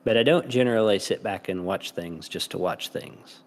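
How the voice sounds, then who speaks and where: A man in casual podcast chat, talking in a reflective, measured way. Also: lowish voice, long reverb tail. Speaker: podcast guest.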